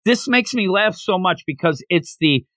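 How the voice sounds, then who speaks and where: A man's voice: high voice, lively intonation, moderate pace, a bit bright, no echo, clean studio sound. A man co-hosting a casual manga discussion podcast, animatedly recapping scenes and acting out the characters' lines. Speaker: podcast co-host.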